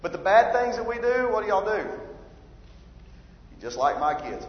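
A man's voice: high-pitched, sing-song, moderate pace, slight background noise. A man preaching a sermon, emphatic and rising in force when he reads scripture. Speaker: pastor. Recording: roomy hall reverb, dull lo-fi sound.

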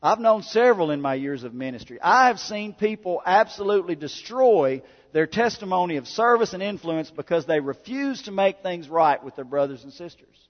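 High-voiced male pastor preaching in a reverberant hall. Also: animated, moderate pace, few pauses. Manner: builds from quiet asides to loud repeated exhortations. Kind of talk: sermon. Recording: dull sound with long hall reverb.

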